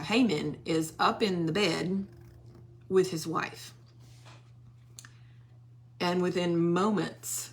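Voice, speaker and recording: A woman leading a Bible study, walking listeners through a scripture story at an unhurried pace. Her voice sits a little low for a woman. She drops into animated quoted voices for the characters.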